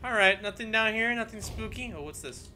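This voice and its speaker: A man's voice: high-pitched, lively intonation, a little fast, sharp tone, a little hiss or hum. A man playing a horror game and commenting as he goes, joking and yelping when startled, and reading in-game notes aloud at a desk microphone. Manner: jokey, jumpy, yelps when startled. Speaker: let's play gamer. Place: home room.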